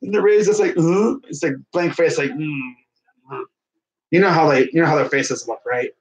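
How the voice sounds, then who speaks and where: A man's voice: a little high, vocal fry, low-quality recording. Chatty young man calling a game. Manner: chatty, laughs often, talks to someone off-mic. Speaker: fan commentator. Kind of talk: casual play-by-play of a video game.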